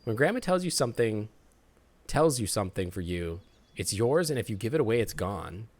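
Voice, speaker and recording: A man reading the lines of an eerie old woman fortune teller in a game, slow, low and hushed. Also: sing-song. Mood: ominous.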